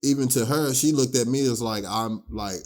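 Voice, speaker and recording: A man co-hosting a podcast in casual chat. He has a slight country twang, mumbles some, and grows louder and quicker when he makes a point. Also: medium pitch. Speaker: podcast co-host.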